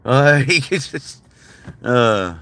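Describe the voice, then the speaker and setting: Male streamer, loose and profane, bright and punchy delivery, casual chat with viewers. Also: mid-range voice, lively intonation, extremely slow, no room sound. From United States. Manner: rambling, profane and laughing often. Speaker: livestreamer.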